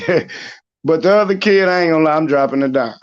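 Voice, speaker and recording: A man's voice: a little high, dull audio. A man telling funny stories in casual chat, acting out quotes and laughing. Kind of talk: casual chat on a live stream.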